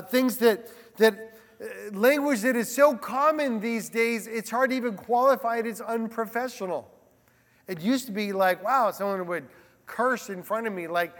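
Male pastor, high-pitched, lively conversational sermon delivery; recorded with long hall reverb. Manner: animated, conversational preaching with asides.

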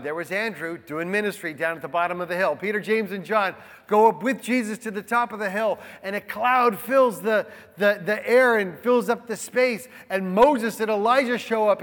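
High-voiced man preaching in a reverberant hall. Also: a bit bright. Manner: conversational preaching, rhetorical asides. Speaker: pastor. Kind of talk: sermon.

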